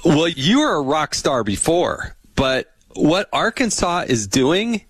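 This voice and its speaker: A man's voice: a little high, sing-song, takes it slowly, fairly bright tone, breathy edge, dry recording. A man hosting a podcast, chatting casually and effusively with his guest and telling humorous anecdotes. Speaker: podcast host. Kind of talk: casual interview chat.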